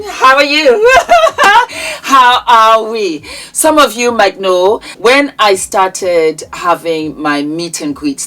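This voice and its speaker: A woman's voice: low voice, noisy background. A woman with a Nigerian accent presenting products in a chatty vlog, effusive and fond of calling viewers "my darling".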